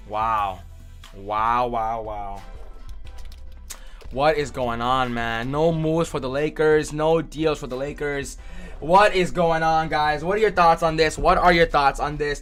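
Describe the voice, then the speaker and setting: A young man hosting a live sports stream, reacting excitedly and answering chat by name. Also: mid-range voice. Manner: excitable, reads chat names aloud.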